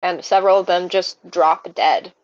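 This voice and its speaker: A woman running a tabletop game as game master, narrating the scene in an unhurried way with fillers. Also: lowish voice, steady tone. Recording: dull lo-fi mic.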